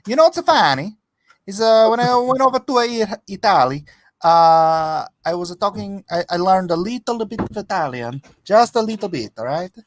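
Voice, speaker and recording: A man hosting a casual livestream, telling an anecdote in an animated way with big pitch swings. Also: normal speed, no room sound. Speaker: artist and livestream host. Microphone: desk microphone.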